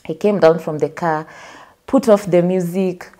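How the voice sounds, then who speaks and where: A woman's voice: lowish voice, steady tone, measured pace, warm tone. A young Kenyan woman telling her life story as a guest in an interview, acting out the voices of the people she quotes.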